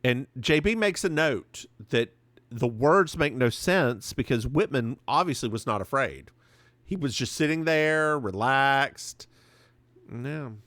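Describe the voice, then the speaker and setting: Male podcast co-host, unhurried, lively lilting voice, dry close mic. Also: medium pitch, no room sound. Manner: chatty, giggly, playful asides. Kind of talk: casual chat recapping a TV episode.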